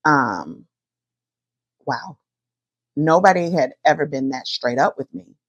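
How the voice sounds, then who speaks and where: A middle-aged woman, hosting a podcast and chatting about her own life in a lively, animated way. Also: deep voice, breathy edge, no room sound. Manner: lively, chatty, addresses listeners as y'all. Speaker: podcast host. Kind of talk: personal storytelling to listeners.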